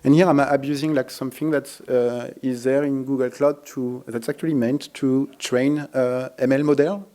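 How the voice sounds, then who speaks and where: A man presenting a live technical demo at a conference, speaking haltingly with many fillers and restarts. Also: mid-range voice, fairly even intonation, mellow. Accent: French.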